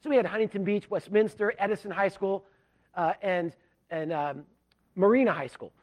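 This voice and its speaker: A pastor from Southern California telling a self-deprecating story in a sermon, animated and full of restarts. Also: male voice, high voice, normal speed. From Southern California, USA.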